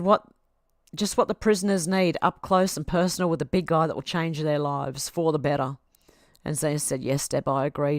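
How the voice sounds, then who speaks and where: A teary, sniffling Australian woman reads out viewer comments on her home livestream, chatty and quick. Her voice sits a little low and close to the mic, with no room sound around it. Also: no room sound. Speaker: livestream host reading chat. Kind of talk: casual livestream chat, reading comments aloud.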